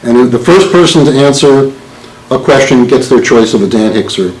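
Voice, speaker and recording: A man's voice: medium pitch, animated, moderate pace. A man in his sixties, a lawyer giving a live talk, joking and quizzing the audience. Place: meeting hall with an audience. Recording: roomy hall with faint noise.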